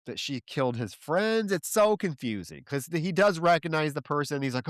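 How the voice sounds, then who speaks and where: A man's voice: a little high, expressive, normal speed, few pauses, no echo, clean studio sound. A man co-hosting a podcast, recapping a film plot casually with exasperated, profane remarks. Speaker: podcast co-host. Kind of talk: casual film review chat.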